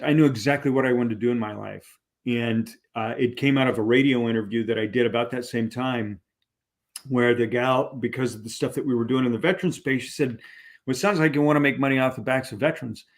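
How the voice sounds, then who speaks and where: Man, middle-aged, podcast guest, animated storytelling, fillers and restarts. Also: mid-range voice. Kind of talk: conversational storytelling.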